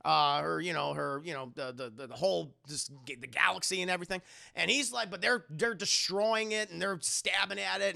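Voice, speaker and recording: Male streamer, high and bright, heavy vocal fry, loose and profane. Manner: excitable, profane, keeps addressing chat. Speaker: streamer reviewing a film. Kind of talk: casual live-stream recap.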